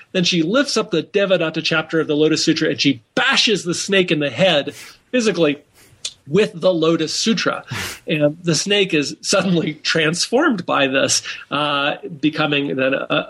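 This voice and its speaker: A man's voice: a little high, fairly bright tone, breathy edge. A man, an author and scholar, retelling old tales in a podcast interview with many fillers and restarts.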